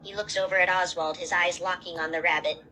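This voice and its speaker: A woman reading out an amateur fan story in a steady, plain way. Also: fairly low pitch, a little fast, low-quality recording. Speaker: narrator.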